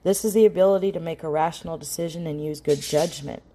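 A woman's voice: low-pitched, steady tone, fast, warm tone. A middle-aged woman giving earnest, direct parenting advice in an instructional talk, with frequent restarts. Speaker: parenting educator.

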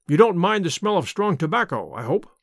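A brisk, confiding eccentric detective, as a man reads him aloud in a storybook reading. The voice sits high and moves with lively rises and falls. The recording is dry and close. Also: dry recording, heavily acted. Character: sharp, eccentric male amateur detective. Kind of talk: audiobook character reading.

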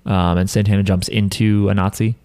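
A man's voice: on the low side, little pitch movement, a little fast, a little mellow, clear, resonant tone, no room sound. A man hosting a podcast, casually retelling scenes and acting out the characters' lines. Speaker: podcast host recapping an anime. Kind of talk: casual chat.

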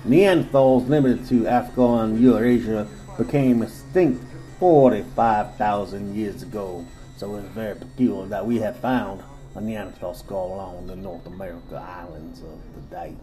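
A man's voice: fairly low pitch, normal speed, dark tone, faint music behind, low-quality recording. A man co-hosting a casual podcast, reading monster legends aloud in a crude, joking way and laughing often. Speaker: podcast co-host.

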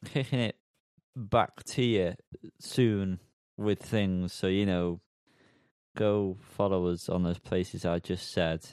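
A man's voice: low voice, fairly even intonation, slow, a little mellow, smooth, no echo, studio quality. A man hosting a music podcast, teasing his co-hosts in casual chat. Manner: joking, teasing, wraps up the show. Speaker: podcast host.

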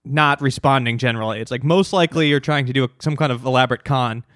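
A man's voice: medium pitch, quick pace, a bit bright, no echo, studio quality. A man hosting a podcast, chatting loosely and jumping in with comments and questions. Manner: chatty, interjecting, loose phrasing. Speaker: podcast host. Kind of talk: casual chat.

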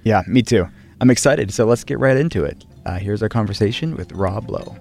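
A man with a lowish voice co-hosts a podcast from a remote location. His talk is breezy and upbeat, full of casual praise. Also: fairly quick, creaky, a little mellow, faint music behind. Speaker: co-host.

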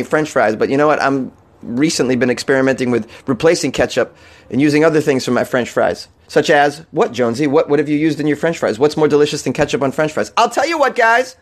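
A young man with a slightly high-pitched voice hosts a loose, comedic news segment. He riffs irreverently on odd headlines, swears freely and chuckles at his own jokes. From New England. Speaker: radio show host. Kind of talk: casual comedic news chat.

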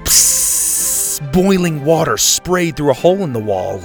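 A man narrating an adventure story in a steady, descriptive reading style. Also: fairly high pitch, moderate pace, gravelly. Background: faint music.

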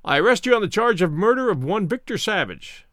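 A man's voice: high-pitched, sing-song, fairly quick, a bit bright, no room sound, studio quality, pitched above the performer's own voice. A man voicing a stern male police inspector who speaks firmly and commandingly. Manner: firm, commanding.

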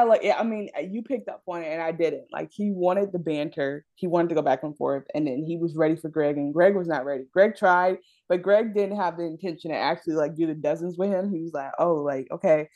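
A woman co-hosting a casual TV recap chat, relaxed, thinking aloud with fillers. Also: fairly low pitch, a little fast, lo-fi sound. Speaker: podcast co-host.

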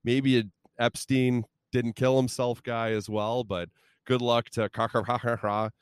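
A man's voice: medium pitch, level tone, a little slow, smooth, dry recording. A man co-hosting a sports podcast, chatting in a joking, crude, rambling way. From Minnesota. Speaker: podcast co-host. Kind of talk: casual sports chat. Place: moving minivan.

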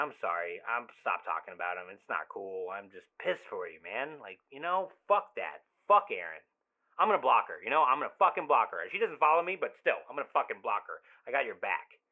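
An actor voices the agitated, obsessive young man of an audio drama, who leaves voicemails full of rambling, swearing and excessive familiarity. His voice is mid-range and close to everyday speech, coming through a tinny phone line.

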